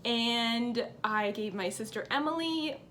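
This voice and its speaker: A woman's voice: fairly high pitch, slow pace, bright, forceful tone, slight background noise. Chatty woman hosting a craft vlog. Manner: chatty and upbeat, reading out viewer comments. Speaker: cross-stitch vlogger. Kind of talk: casual chat to camera.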